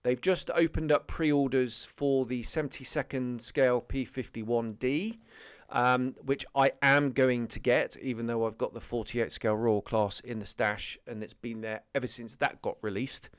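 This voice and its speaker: Rambling man, smooth dry voice. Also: mid-range voice, steady tone, moderate pace, dry recording. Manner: rambling, full of ums and self-corrections. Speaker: scale modelling channel host. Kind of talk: casual news update monologue.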